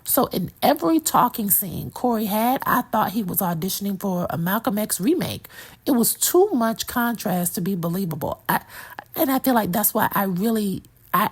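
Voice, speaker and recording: A woman with a husky, medium-pitched voice gives a sassy, opinionated movie review. She chats casually and speaks right to her viewers, calling them "girl" and "child."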